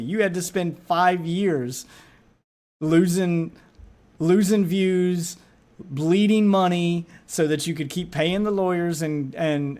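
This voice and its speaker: A high-pitched man talks over a clip as a streamer, casual and exasperated. He stumbles and repeats words when he gets worked up. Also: a little mellow. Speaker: streamer reacting to a video. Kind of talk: casual reaction commentary.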